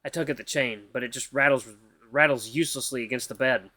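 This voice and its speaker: A man's voice: medium pitch, quick pace, pushed and bright. A gaming YouTuber, a man, reads a visual novel aloud in a casual, tired way and sometimes stumbles over the words.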